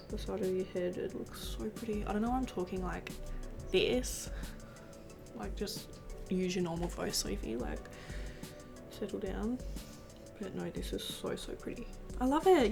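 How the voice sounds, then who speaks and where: A woman's voice: medium pitch, vocal fry. A 19-year-old woman, a beauty vlogger, chatting casually while doing her makeup, gushing and rambling with lots of fillers.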